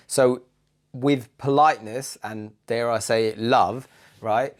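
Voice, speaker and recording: A man co-hosting a casual podcast, animated and jokey, acting out quoted voices and laughing often. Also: mid-range voice, measured pace, soft background music. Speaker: co-host, relationship coach.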